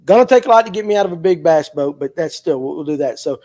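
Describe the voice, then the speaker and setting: A man's voice: fairly high pitch, lively intonation, quick pace, a little mellow. A man hosting a casual fishing talk show, loose and joking as he introduces his guests. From Georgia, USA. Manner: loose, joking, fumbling through technical hiccups. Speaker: podcast host. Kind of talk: casual chat.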